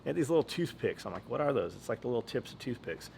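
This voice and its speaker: A man's voice: mid-range voice, big pitch swings, very fast, gravelly, a little mellow, slight background noise. A man hosting a podcast in casual chat, blunt and profane, rambling from story to story. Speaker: podcast host.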